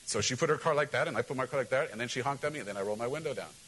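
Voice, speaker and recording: A male pastor preaching a sermon in an animated, joking way, often asking the congregation questions. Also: mid-range voice, very fast, a little hiss or hum, rough recording.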